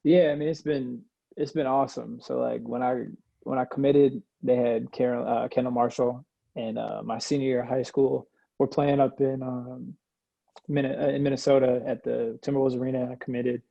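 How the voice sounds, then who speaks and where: A man's voice: medium pitch, level tone, normal speed, gravelly, no echo, dull audio. A young man from Iowa, a former college point guard, talking as a podcast guest in a laid-back way, laughing often and using lots of slang. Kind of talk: casual podcast chat.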